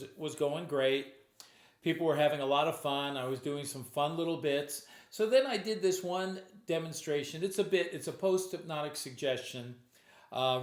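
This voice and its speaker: A man's voice: a little high, roomy sound. A stage hypnotist telling a true story from his shows in a casual, conversational way, often quoting himself. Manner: conversational, with restarts and acted quotes.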